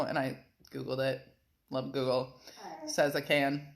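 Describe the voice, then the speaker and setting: A woman vlogging casually from her home kitchen, rambling and animated, often laughing between words. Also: low-pitched, a little slow. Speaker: vlogger and physical therapist. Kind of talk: casual talking-to-camera vlog. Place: home kitchen, feeding a pet. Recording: clear background noise, occasional clicks.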